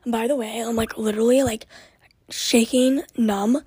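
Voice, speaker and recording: A young woman hosting her own podcast in a rambling, chatty way full of fillers, her voice hoarse and short of breath. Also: a little high, fairly even intonation, normal speed, dark tone, dry recording, rough recording. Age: young adult. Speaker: podcast host. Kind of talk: casual solo podcast chat.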